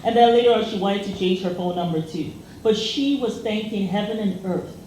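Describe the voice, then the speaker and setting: In an echoey room with faint background noise, a co-host tells a chatty, filler-heavy story in a casual conversation. She has a mellow, mid-range voice and speaks fairly quickly.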